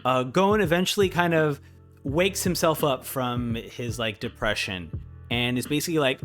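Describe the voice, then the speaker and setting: A young man in casual review commentary, excitable, swinging between hyped and somber as he talks. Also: medium pitch, normal speed, faint music behind. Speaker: anime reviewer.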